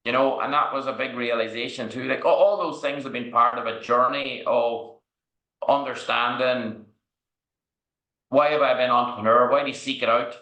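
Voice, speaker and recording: At normal speed, a man from Ireland talks in a steady, medium-pitched voice that sounds pushed and bright. As a podcast guest in an echoey room, he shares frank, wandering stories, regularly asking "right?"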